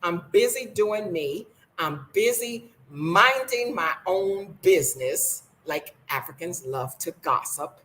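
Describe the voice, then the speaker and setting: A woman's voice: fairly low pitch, animated, slow pace, fairly bright tone, poor audio. An older woman from the United States, blunt and sassy, chatting casually in a vlog from her home. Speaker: vlogger.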